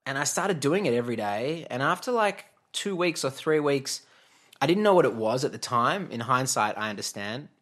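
A man's voice: medium pitch, lively intonation, moderate pace, a bit bright. A man, telling a long personal story as a guest in a casual interview, chatty and laughing, with many fillers and restarts.

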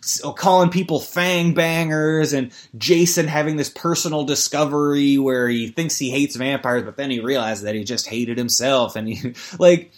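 A podcast host with a mid-range voice, a steady tone, and normal speed launches into a rambling comic rant. He stammers, swears freely, restarts often, and jumps into mock ad reads.

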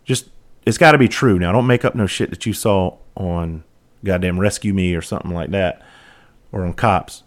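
A man's voice: deep voice, normal speed. A middle-aged man hosting a podcast, telling rambling, profane stories about his years in police and fire work in a casual monologue. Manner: profane, rambling and animated, with frequent restarts. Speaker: podcast host, former police officer and firefighter.

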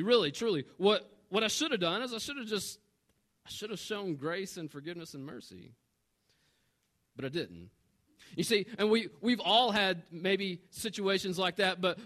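Man, pastor, thirties, fairly high voice, chatty sermon storytelling. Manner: conversational and self-mocking, with animated retold dialogue.

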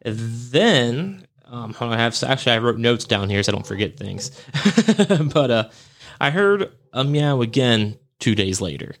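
A man's voice: mid-range voice, big pitch swings, moderate pace, fairly bright tone. Rambling man telling a spooky pet story. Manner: rambling, self-correcting, chuckles at himself. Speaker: podcast host. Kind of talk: casual storytelling monologue.

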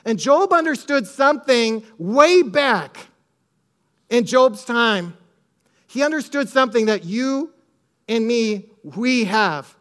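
Very high-voiced preaching man. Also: animated, slow, fairly bright tone. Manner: emphatic preaching with repetition and scripture references. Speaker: pastor. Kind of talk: sermon.

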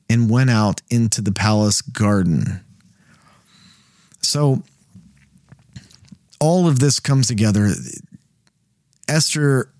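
A man hosting a Bible study podcast, retelling the passage in a casual, animated way with quick asides. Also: mid-range voice, dry recording, clean studio sound.

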